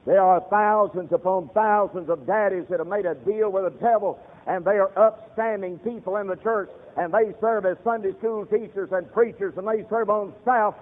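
A man's voice: sits high, moderate pace, hardly any pauses, big-room sound. A man preaching a fiery sermon, telling stories and addressing his congregation directly. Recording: tinny radio broadcast.

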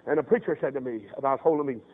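A man, a preacher from the North Carolina mountains, giving an impassioned revival sermon and breaking into sudden high cries and weeping. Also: racing, husky. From North Carolina mountains, USA. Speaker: preacher, radio evangelist. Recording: tinny lo-fi old radio broadcast.

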